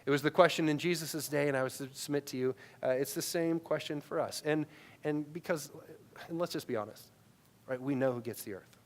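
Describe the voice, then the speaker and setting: A man in his thirties preaching a sermon into a headset mic, his voice sitting a little high for a man. He talks to the congregation conversationally and keeps checking in with "right?". His delivery swings between loud, emphatic peaks and quiet, low asides. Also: fairly quick. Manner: conversational preaching, tags many lines with "right?". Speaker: pastor.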